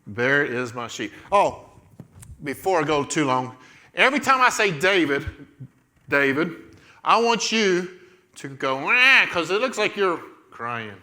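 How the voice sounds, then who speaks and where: A man's voice: fairly high pitch, sing-song, unhurried, pauses often, bright, forceful tone. A man leading a children's church lesson, playfully telling a Bible story and directing kids as they act it out. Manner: playful, coaching children through a skit.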